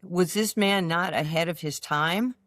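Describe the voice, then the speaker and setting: Speaking a little slowly at a fairly low pitch, this former basketball player in her sixties, a New Yorker from the United States, tells lively anecdotes as an interview guest and performs the voices of the people in them. The interview is casual, and the studio sound is clean with no room sound.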